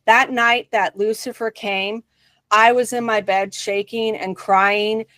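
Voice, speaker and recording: A woman guest in an interview, earnestly telling a personal spiritual story with emphatic pauses. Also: mid-range voice, steady tone, pushed and bright, no echo.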